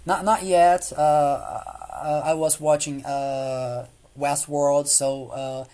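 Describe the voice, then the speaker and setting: A man's voice: on the high side, little pitch movement, slow pace, mellow. A man speaking English as a second language in casual chat, hesitant and full of fillers. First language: not English. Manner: hesitant, trailing off, many fillers. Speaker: conversation partner.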